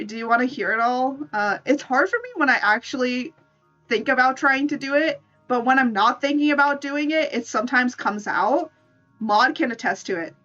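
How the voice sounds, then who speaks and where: A woman's voice: a little high, pushed and bright, lo-fi sound. A woman streamer in playful, casual live-stream chat, laughing often. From United States.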